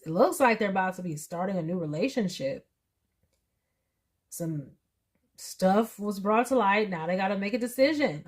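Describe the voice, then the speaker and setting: Animated woman giving a tarot reading. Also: mid-range voice. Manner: animated, musing aloud, sudden excited bursts. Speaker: tarot reader.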